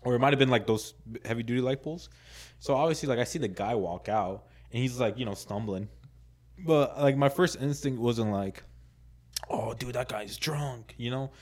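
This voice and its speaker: A man co-hosting a podcast spins a rambling, casual story full of "like"s, laughter, and acted-out quotes. He has a mid-range, darkish voice and talks a little fast.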